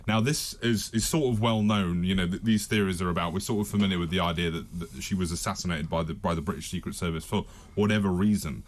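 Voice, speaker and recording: Deep-ish guy on a talk panel, lots of ums and restarts. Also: quick pace, few pauses. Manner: hesitant, many restarts and fillers. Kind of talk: talk show discussion.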